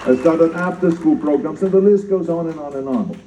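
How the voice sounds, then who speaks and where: A man's voice: fairly high pitch, fairly quick, crowd noise, noisy background. An older man with a German accent gives an emphatic public speech, repeating his key phrases and joking at his own expense. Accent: German-speaking. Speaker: keynote speaker at a citizenship ceremony. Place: outdoor ceremony. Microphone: speaker's mic filmed from the audience. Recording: distant, echoey, dull audience phone recording.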